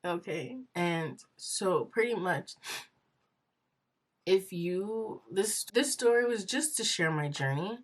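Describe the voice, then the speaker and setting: A woman's voice: fairly low pitch, animated, slow pace. A young woman vlogger telling her personal story in an earnest, rambling way, full of fillers and close to tears.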